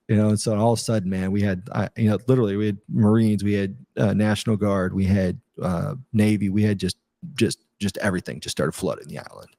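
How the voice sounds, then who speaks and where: Deep, dark-voiced man telling war stories. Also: fast talker, creaky, no room sound. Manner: rambling, many fillers and restarts. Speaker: guest, retired Army captain. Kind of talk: casual interview storytelling.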